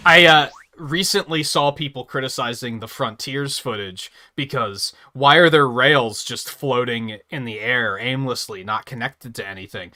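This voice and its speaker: A man's voice: mid-range voice, sharp tone. A young man giving casual gaming commentary on a stream, opinionated and swearing freely as he rants. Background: game music.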